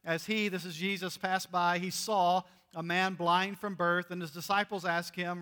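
Guy preaching a casual sermon, high bright voice, jokey and chatty, reads scripture. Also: normal speed, few pauses, long reverb tail. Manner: conversational, joking, animated Bible reading. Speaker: pastor.

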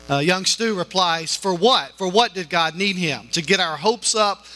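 A man's voice: on the high side, sharp tone, poor audio. A man preaching a sermon in a conversational way, with many fillers and restarts. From northern Alabama.

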